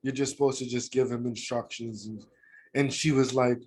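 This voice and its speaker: A man's voice: medium pitch, fairly even intonation, moderate pace, a little mellow, a little hiss or hum. Man, American accent, co-host, casual slangy storytelling, heartfelt. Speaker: podcast co-host.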